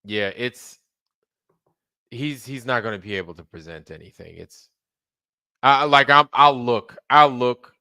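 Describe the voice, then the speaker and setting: Bright, dry-voiced rambling American man. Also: medium pitch, animated, measured pace, long pauses, clean tone, dry recording. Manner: loose, rambling, swears freely, repeats phrases. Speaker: livestream host. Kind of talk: casual livestream rant.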